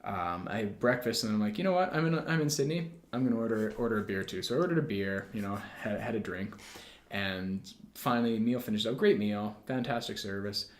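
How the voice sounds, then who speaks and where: A man's voice: on the low side, a little fast. Man telling a story in a roomy space. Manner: animated storyteller, frequent "like" fillers. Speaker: podcast guest; bagpipe player. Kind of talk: casual storytelling chat. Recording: roomy echo.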